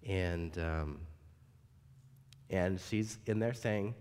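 A man, a pastor, preaching a sermon and telling a story in an animated way. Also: deep voice, very slow, clean tone. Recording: long reverb in a large hall.

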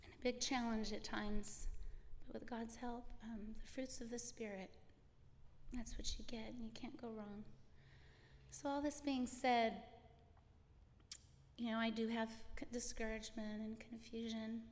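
Woman, church testimony, very unhurried, faint noise behind, echoing sanctuary. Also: on the high side, little pitch movement. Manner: slow, earnest, breaks off and restarts. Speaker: church member giving testimony. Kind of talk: scripture reading and personal testimony. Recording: reverberant hall with faint background noise.

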